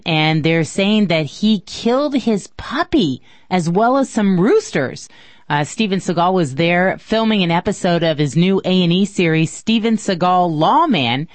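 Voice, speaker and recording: A woman's voice: mid-range voice, no echo. A woman delivering a short news tease on a radio show, matter-of-fact. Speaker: news reporter.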